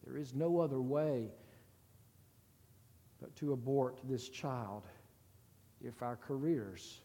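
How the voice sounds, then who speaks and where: A man voicing a distraught young woman in a story he reads aloud, speaking low and hushed, with a long reverb. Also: takes it slowly. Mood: despairing.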